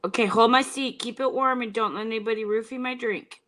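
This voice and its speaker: A woman with a raspy voice, chatting casually in an online group voice chat and asking the chat for opinions. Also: fairly high pitch, fairly even intonation, a little fast, pushed and bright, rough recording.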